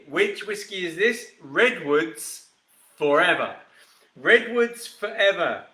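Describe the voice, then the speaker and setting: Bright-voiced chatty male whisky host. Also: fairly high pitch, roomy sound. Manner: chatty, rambling, talks to viewers by name. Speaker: host of a live whisky show. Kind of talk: casual live-stream chat and cocktail demo.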